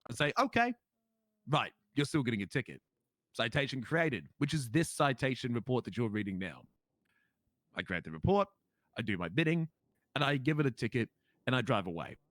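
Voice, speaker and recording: A man's voice: mid-range voice, sing-song, a little fast, fairly bright tone, no echo. A man with an Australian accent playing a police officer in a role-play game, telling his story in an indignant, emphatic way.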